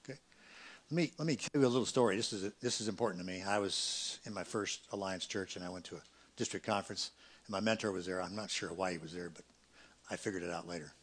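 A middle-aged pastor preaching a sermon, swinging between loud emphatic peaks and quiet, quick asides. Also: male voice, low-pitched.

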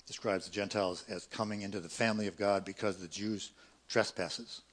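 A middle-aged pastor preaching a sermon, swinging between loud emphatic peaks and quiet, quick asides. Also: male voice, fairly low pitch, fairly even intonation.

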